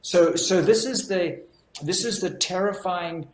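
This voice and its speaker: A man's voice: high voice, unhurried. Earnest man explaining, echoey room. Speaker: physician guest. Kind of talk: explanatory interview answer.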